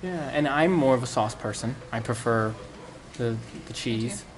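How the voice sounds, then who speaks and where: A man hosting a casual podcast chat in a restaurant at closing time, relaxed and joking, often trailing off mid-sentence. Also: medium pitch, unhurried, a little hiss or hum. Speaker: podcast host. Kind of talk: casual chat over pizza.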